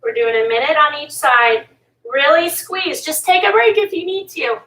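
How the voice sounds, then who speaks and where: A woman leads a workout while doing it herself, pushing listeners to keep going. Her voice is high and bright. She sounds set back from the mic in an echoey room. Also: lively intonation, normal speed, far from the mic. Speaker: fitness instructor. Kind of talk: workout coaching while exercising.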